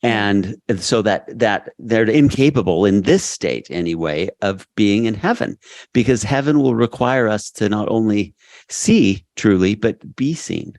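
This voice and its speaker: A reflective man co-hosts a book discussion and explains ideas thoughtfully. His voice is fairly low. The sound is dry and close. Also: animated, measured pace, a little mellow, dry recording. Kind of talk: casual discussion.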